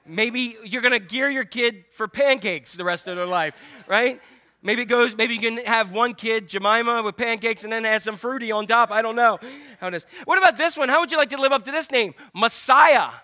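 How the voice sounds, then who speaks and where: Older guy preaching, high bright voice, cracks jokes and quizzes the crowd. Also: moderate pace. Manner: joking, talks straight to the congregation with questions. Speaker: pastor. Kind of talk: sermon.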